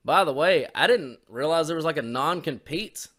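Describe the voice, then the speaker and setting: A man's voice: on the high side, animated, normal speed, fairly bright tone. A man co-hosting a podcast in a crude, rambling, profanity-heavy casual chat. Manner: crude, rambling, lots of swearing. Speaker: podcast co-host.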